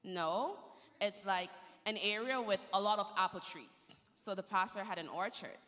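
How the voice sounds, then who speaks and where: A woman telling a story to children during a church service, gentle and lively, in a church sanctuary. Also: mid-range voice, moderate pace, in a large hall.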